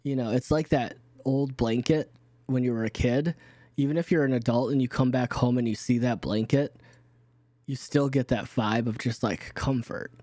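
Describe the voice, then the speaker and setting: A man running a tabletop game, rambling through the scene with frequent restarts. His voice sits at a middling pitch. The recording is dry and close. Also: steady tone, moderate pace, dark tone, dry recording. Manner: rambling, many fillers and restarts. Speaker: game master.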